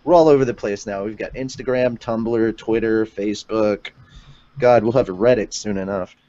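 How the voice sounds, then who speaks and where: A man's voice: on the low side, steady tone, normal speed, mellow. A man hosting a fan podcast, reading listener comments aloud in a rambling, joking way. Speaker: podcast host. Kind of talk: casual podcast chat. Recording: dull lo-fi stream audio.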